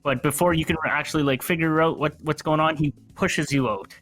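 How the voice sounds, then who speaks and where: A man narrating a tabletop game as game master, halting and full of restarts. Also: fairly high pitch, steady tone, fairly bright tone, soft background music.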